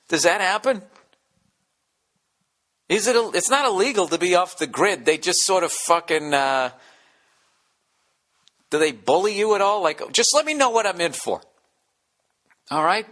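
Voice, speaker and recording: A man ranting through a comic podcast monologue in a bright, forceful voice. His talk is full of profanity and runs on loosely, and at times he drops into a hushed whisper. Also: sits high, expressive, a little slow, long pauses. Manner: profane rant with sudden whispered asides. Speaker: podcast host. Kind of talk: casual comedic monologue.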